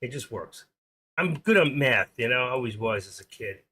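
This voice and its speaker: A man's voice: medium pitch, lively intonation, moderate pace, sharp tone, breathy edge. A man in his sixties hosting a live stream, chatting in a rambling, opinionated way and reading off market numbers. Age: 60s.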